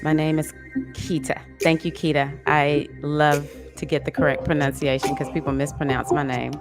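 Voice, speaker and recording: A woman hosting a live online women's circle, reading out chat comments in a soft, affectionate, unhurried way. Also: deep voice, flat delivery. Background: music playing.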